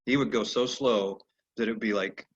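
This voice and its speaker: A man teaching a horse training lesson over a video call, telling animated stories and acting out the horses' replies. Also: lowish voice, moderate pace, husky. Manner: animated storyteller who acts out horses' replies. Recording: dull lo-fi video call audio.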